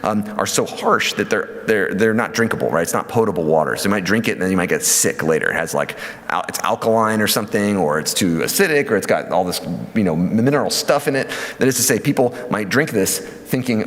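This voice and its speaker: A man giving a church lecture on scripture, lively and conversational with many fillers and asides. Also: on the low side, a little fast. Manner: lively teaching with fillers and acted quotes. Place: church hall. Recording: hall reverb.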